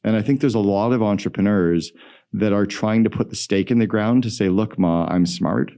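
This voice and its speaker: A middle-aged man, a guest entrepreneur, telling stories in an energetic, emphatic way in a podcast interview. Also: lowish voice, brisk.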